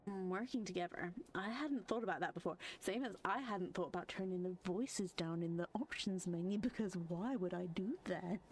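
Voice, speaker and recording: A woman's voice: fairly low pitch, moderate pace, few pauses, slight background noise, poor audio. Chatty woman streaming a game. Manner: laughs often, chatty asides. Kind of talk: casual gameplay commentary, reading dialogue aloud.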